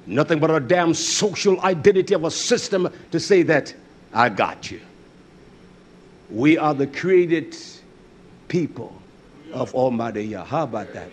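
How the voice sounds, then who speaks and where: A male preacher giving a fiery sermon, swinging between loud outbursts and low muttering, repeating phrases and crying hallelujah. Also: a little slow, breathy edge.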